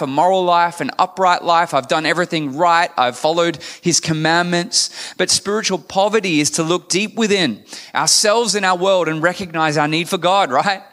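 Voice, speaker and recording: A man's voice: fairly high pitch, a bit bright, long reverb tail. A man preaching a sermon in a candid, conversational manner, asking his congregation questions. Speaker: pastor.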